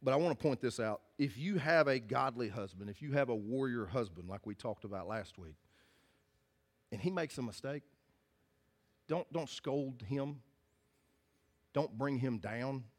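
A man's voice: medium pitch, a little slow, long pauses. A man, a pastor preaching a sermon in a church, earnest and folksy, often restarting and repeating his phrases. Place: church hall with congregation.

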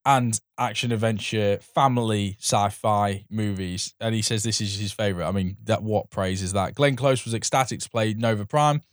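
A man's voice: on the low side, steady tone, normal speed, few pauses, dry recording, clean studio sound. A man co-hosting a film podcast, reading out trivia casually with many ums. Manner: chatty, reads trivia with fillers. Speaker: podcast co-host.

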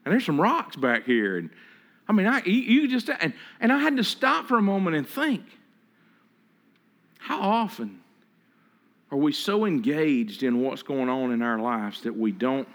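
A man's voice: fairly high pitch, expressive, a little slow, long pauses. A man preaching a sermon in a conversational way, often repeating words and acting out what people say. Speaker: pastor.

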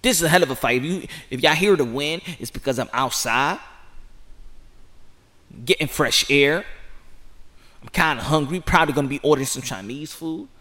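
A man giving casual, excited commentary outdoors, rambling and repeating himself with sudden loud outbursts. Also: on the high side, normal speed, long pauses. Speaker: sports commentary vlogger.

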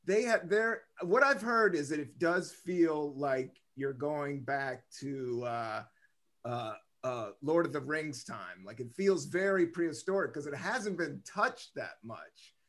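A man's voice: a little high, lively intonation, slow, fairly bright tone. A man hosting a casual podcast over a video call, upbeat and rambling, with a sing-song delivery. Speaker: podcast host.

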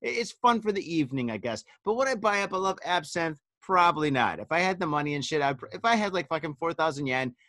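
A fairly high-pitched man talks quickly with lively intonation and a sharp tone, barely pausing, in a dry recording. He's a podcast host in a casual chat, tipsy on wine, spinning rambling, profane stories and saying "dude" and "man" a lot.

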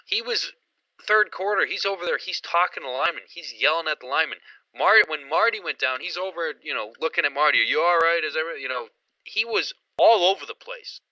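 Guy on a football podcast, really bright forceful voice, dry close sound, rambling and hyped. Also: a little high, fairly quick, no echo, muffled recording. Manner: excited, rambling, with many fillers. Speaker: podcast co-host. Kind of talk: casual sports chat.

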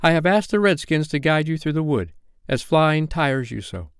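A man doing a proud storybook boy who rules his gang, his voice high and lively, each order short and sharp. Dry, close sound with no room around it. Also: normal speed, smooth, no room sound, close to an everyday voice. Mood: commanding. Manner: commanding, clipped delivery. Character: proud boy leader who never grows up.

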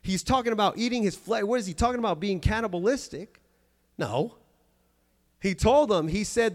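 A man's voice: high voice, lively intonation, fairly quick. A man preaching a sermon in church, earnest and emphatic, often restarting and repeating phrases.

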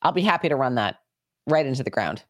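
A woman's voice: rumbling low, expressive, fast talker. A woman co-hosting a podcast in casual chat, joking, swearing freely and laughing often. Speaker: podcast co-host.

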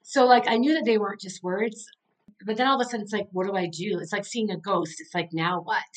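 Talking fast in a mid-range voice, a middle-aged author and coach chats as a podcast guest, captured in a low-quality recording. It's a casual interview, and she comes across as earnest and heartfelt, using "like" a lot.

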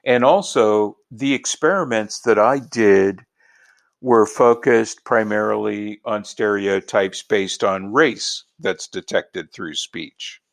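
A man from Los Angeles, a professor, answering interview questions in a measured, explanatory way. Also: lowish voice, vocal fry. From Los Angeles, United States. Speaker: linguistics professor.

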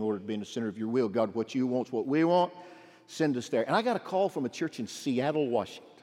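A middle-aged male pastor preaching a sermon, swinging from emphatic calls to quiet, low asides. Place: large church sanctuary. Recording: long hall reverb.

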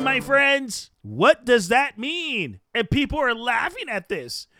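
A man hosting a podcast, delivering an indignant, loud, mocking political commentary rant. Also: extremely high pitch, dry recording, studio quality. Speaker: podcast host.

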